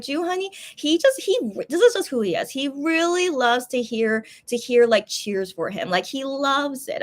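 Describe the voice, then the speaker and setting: A young woman talking casually into her own mic on a livestream. Her voice sits a little high, and she rambles, restarts sentences and leans on fillers. She gets openly emotional as she goes. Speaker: livestream host. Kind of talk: casual chat.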